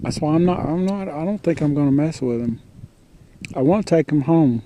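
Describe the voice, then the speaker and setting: Halting man with a drawl, very dark voice. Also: fairly high pitch, slight background noise. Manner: rambling, halting, talks to the animal. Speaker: passerby filming a hurt raccoon. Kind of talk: casual filmed talk.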